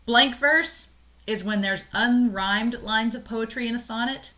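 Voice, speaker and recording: Young woman instructor, bright tone, casual recorded lecture delivery with fillers. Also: fairly high pitch, a little slow. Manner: casual, explanatory, frequent "um" fillers and light laughs. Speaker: college English instructor.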